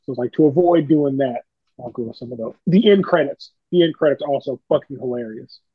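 Man in a casual film podcast, animated and profane, dull lo-fi sound. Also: medium pitch, fast, slightly rough, no echo. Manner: animated, swears freely. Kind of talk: casual movie review chat. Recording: dull lo-fi mic.

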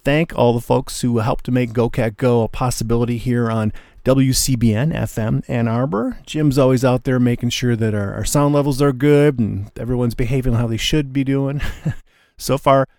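Gravelly radio DJ, chatty. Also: male voice, mid-range voice, moderate pace, no room sound, studio quality. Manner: relaxed, chatty, enthusiastic about the records. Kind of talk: casual radio show patter.

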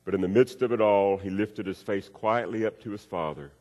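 A man preaching a sermon, acting out a story with swings between loud and hushed delivery. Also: fairly quick, hardly any pauses. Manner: storytelling with acted-out voices, wide swings in pitch and loudness. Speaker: pastor. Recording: long reverb of a hall.

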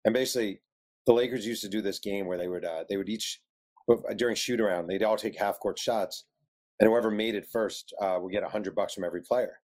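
Male author, lowish voice, animated storyteller who acts out quotes. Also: fairly quick. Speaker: author guest. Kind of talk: telling a story in an interview.

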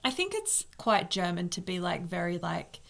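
A woman's voice: fairly low pitch, very animated, moderate pace, gravelly, a bit bright. A woman co-hosting a casual podcast. She keeps adding short remarks that build on what her co-host says. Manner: chimes in with short agreeing additions. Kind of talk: casual chat.

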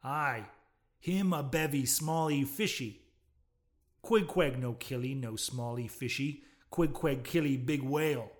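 A man reading aloud and voicing a calm male harpooneer who speaks in broken phrases with mild disdain. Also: mid-range voice, unhurried, natural voice. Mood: disdainful. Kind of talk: audiobook reading.

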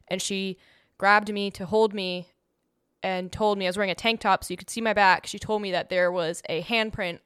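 A young woman casually telling a personal story, animated, acting out the voices she quotes and laughing now and then. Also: medium pitch, clear, resonant tone, no room sound, clean studio sound.

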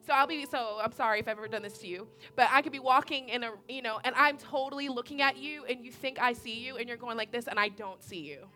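Young woman preacher, high bright voice, chatty and animated, keeps asking the crowd questions. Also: fast talker, hardly any pauses, faint music behind. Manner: animated, conversational, repeats points, asks audience questions. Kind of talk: sermon.

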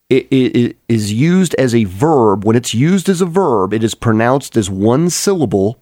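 A man's voice: mid-range voice, expressive, moderate pace, few pauses, dark tone, no room sound, studio quality. A man preaching an earnest, explanatory Bible teaching sermon, with frequent restarts as he works through the text.

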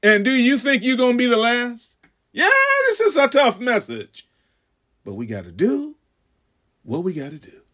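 A man preaching a sermon, calling out "huh?" to the congregation, stammering on repeats and swinging from shouts to hushed asides. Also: extremely high pitch, sing-song, moderate pace, pauses often. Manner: call-and-response, frequent "huh?"; stammering repeats when building. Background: congregation laughing.

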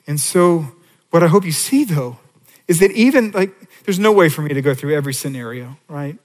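A man preaching a sermon in a church sanctuary, in a conversational and animated style full of rhetorical questions. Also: a little high, brisk. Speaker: pastor. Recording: long reverb of a church hall.

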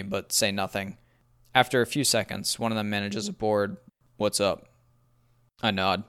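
Young male narrator for a first-person story; wry, even delivery, low pitch. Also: clean tone.

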